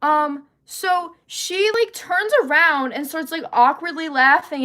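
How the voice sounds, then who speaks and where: A young woman telling a story on a casual livestream, chatty and animated, greeting viewers as she talks. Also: high-pitched, normal speed, few pauses. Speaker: livestream host.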